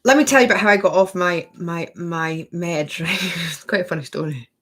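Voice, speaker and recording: A woman's voice: lowish voice, moderate pace, fairly bright tone, breathy edge. Chatty woman hosting a spiritual live stream. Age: 30s. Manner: chatty, tag questions like okay and right; laughs often between sentences. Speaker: spiritual workshop host. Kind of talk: live stream chat answering viewer questions.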